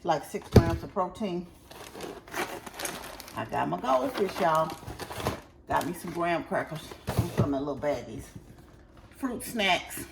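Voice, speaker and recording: A woman's voice: lowish voice, expressive, unhurried, gravelly, pauses often, recorded from a distance. A woman vlogging casually at home, chatting straight to her viewers while she unpacks groceries. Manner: chatty, keeps addressing viewers directly. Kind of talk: casual vlog chat. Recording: echoey room with background noise.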